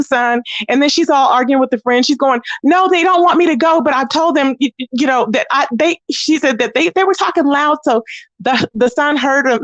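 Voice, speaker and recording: A woman's voice: dry recording, muffled recording. A woman hosting a livestream, chatting casually with her viewers and acting out the people she talks about. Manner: animated, acts out quoted voices in a higher pitch. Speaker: livestream host. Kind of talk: casual gossip chat with viewers.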